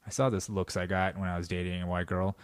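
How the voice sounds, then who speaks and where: A man hosting a podcast in a comedic monologue, riffing in an animated, profane way and dropping into mock voices. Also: deep voice, fast, smooth, dry recording, clean studio sound. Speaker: podcast host. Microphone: podcast mic.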